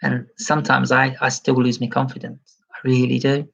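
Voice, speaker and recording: A man chatting casually on a livestream and reading out viewer comments. He talks in a self-deprecating way and gently lifts his voice toward a feminine tone. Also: mid-range voice, flat delivery, moderate pace, creaky, dull audio. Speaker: livestream host.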